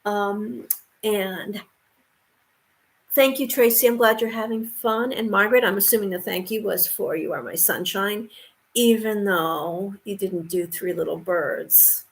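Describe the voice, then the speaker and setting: Speaking unhurriedly in a medium-pitched voice, a woman leads a casual ukulele lesson and sing-along on a live stream. She chats easily and cheers her viewers on while guiding them through the song.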